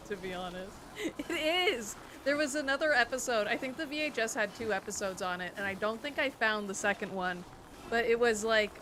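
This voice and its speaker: A woman's voice: mid-range voice, a bit bright. A woman in her twenties streaming a game, chatting in a rambling, nostalgic way. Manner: rambling and nostalgic, trails off into musing. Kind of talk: casual chat while gaming. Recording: noisy game audio behind.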